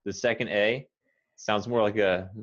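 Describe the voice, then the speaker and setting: An American man teaching English pronunciation, with a fairly low voice. He says each word slowly and corrects gently. The sound is dull and lo-fi, like a call recording. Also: steady tone. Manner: patient, models words slowly and corrects gently. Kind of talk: pronunciation coaching.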